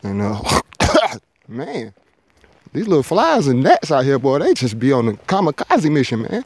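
A man's voice: mid-range voice, wildly swooping pitch, measured pace, a little mellow, breathy edge, no room sound. A man, vlogging casually as he hikes a forested mountain ridge, a little winded from the climb. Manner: laid-back, talkative, jokey. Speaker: thru-hiker vlogger. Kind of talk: casual hiking vlog.

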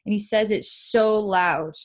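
A woman psychic leading a live energy-healing session, speaking softly with frequent sighs and dreamy, repetitive descriptions of what she sees. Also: mid-range voice, unhurried. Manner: soft, sighing, repetitive, dreamy narration of visions.

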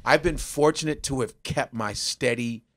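Middle-aged male comedian from Nigeria; loud, profane, slips into voices as he tells stories. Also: mid-range voice, moderate pace. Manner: loud, profane, acts out people in quoted voices. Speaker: comedian guest. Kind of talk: animated storytelling with voices.

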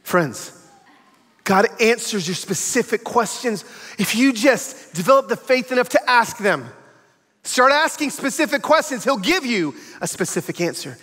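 Lively, high-voiced male preacher. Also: moderate pace, long reverb tail. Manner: animated storytelling with acted quotes. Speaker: guest preacher. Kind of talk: sermon. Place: large church sanctuary.

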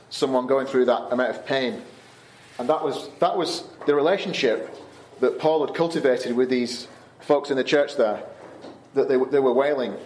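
This Canadian camp speaker has a somewhat dark tone and a voice pitched in the middle range. He talks casually to a group of teens about the Bible, using fillers and restarting sentences, with echo from the room behind him.

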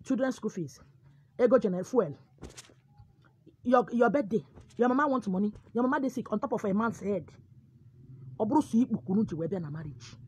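A woman with a Nigerian Igbo accent gives a forceful, preachy monologue, switching between pidgin and Igbo. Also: mid-range voice, animated, fairly quick, pauses often, breathy edge. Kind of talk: animated monologue.

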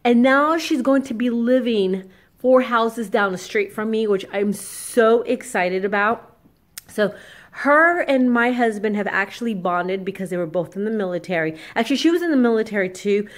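Chatty excitable woman vlogging at home. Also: a little high, normal speed. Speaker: vlogger and makeup artist. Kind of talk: casual vlog chat. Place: home and yard, moving around.

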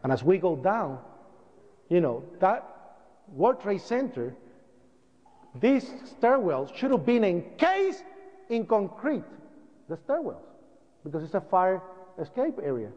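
A man giving a public talk, telling his story in an animated way and acting out sounds and voices. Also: high-pitched, slow pace, long pauses. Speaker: speaker recounting events. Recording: dull lo-fi sound, long hall reverb.

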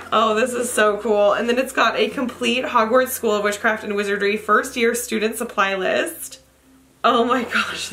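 Bright-voiced gushing woman vlogger. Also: a little high. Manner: gushing, excitable, laughs often. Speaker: vlogger opening fan mail. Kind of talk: casual unboxing chat.

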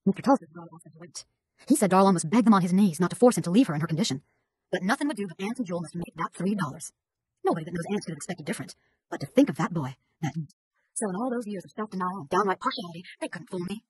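A woman's voice: on the low side, animated, rapid-fire, a little mellow, slight background noise. A woman reading a first-person chapter of a novel as an audiobook, with an indignant, gossipy manner. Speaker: audiobook narrator.

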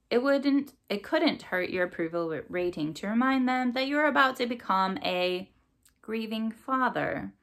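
A woman's voice: a little high, fairly bright tone, pitched above the performer's own voice. A woman voicing a tentative male crow assistant who hedges and stumbles over his words. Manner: hesitant, hedging.

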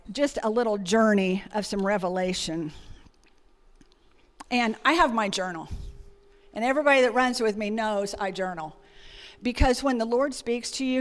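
A woman's voice: medium pitch, in a large hall. A woman giving a conversational sermon, telling personal stories with frequent fillers. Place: church sanctuary.

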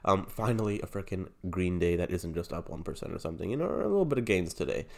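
A young man hosting his channel while sick with a cold, so his voice comes out stuffy and nasal. His pitch sits a bit low, and he rambles casually, padding his talk with "like" and "um". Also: sing-song, fast talker, creaky, darkish tone. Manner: rambling, loose, heavy on fillers like "like" and "um". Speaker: crypto channel host. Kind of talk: casual video commentary.

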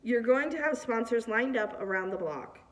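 A gruff, scornful middle-aged mentor speaks in a raised, pushy voice, as a woman puts him on while reading aloud. He sounds blunt and unimpressed, and the voice comes from a mic set back from the reader. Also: on the high side, expressive, moderate pace, far from the mic, close to an everyday voice.

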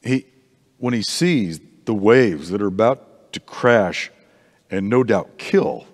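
A man teaching an adult Bible class in a church, conversational and animated, often restarting his sentences, in a reverberant hall. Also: mid-range voice.

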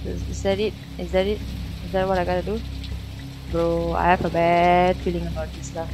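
A woman's voice: fairly low pitch, level tone, normal speed, background noise. A young woman, swearing and nervously chatting through a horror game. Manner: jumpy, swearing, slangy banter. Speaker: gamer.

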